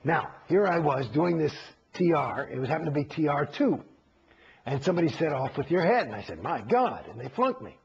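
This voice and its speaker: A man with a gravelly, husky voice and a slightly raised pitch tells his story in an interview, cursing freely and acting out the lines of the people in it. The recording is dull and lo-fi. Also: brisk. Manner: profane, animated, acts out quoted exchanges.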